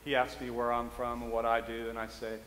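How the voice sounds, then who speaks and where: A man's voice: medium pitch, completely flat delivery, brisk, fairly bright tone, slight background noise. A male priest giving a sermon, telling a funny story about himself and chuckling often. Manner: humorous storytelling, self-mocking, chuckles often. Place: church sanctuary. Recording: roomy echoey church hall.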